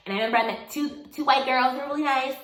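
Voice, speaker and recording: A woman's voice: high-pitched, steady tone, rapid-fire, a bit bright. A woman in her twenties telling a personal story in a casual, chatty way, calling the listener girl and honey. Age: 20s. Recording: roomy echo.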